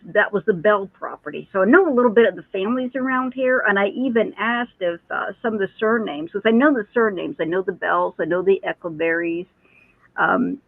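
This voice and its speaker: A woman's voice: lowish voice, no room sound. A woman who is a psychic medium, chatting casually as a guest and telling stories with many restarts. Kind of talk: casual chat. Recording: tinny phone line, dry.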